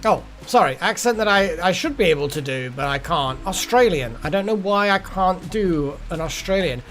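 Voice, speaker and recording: A man's voice: sits high, animated, normal speed, few pauses, fairly bright tone, faint music behind. Rambling man streaming. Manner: rambling, swears casually, muses aloud. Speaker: game streamer. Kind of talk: casual gameplay commentary.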